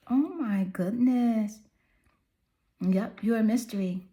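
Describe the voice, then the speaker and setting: Woman, tarot reader, mellow warm tone, soothing, affirming, chatty. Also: mid-range voice, moderate pace. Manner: soothing, affirming, chatty with "you know" fillers. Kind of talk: pick-a-card tarot reading.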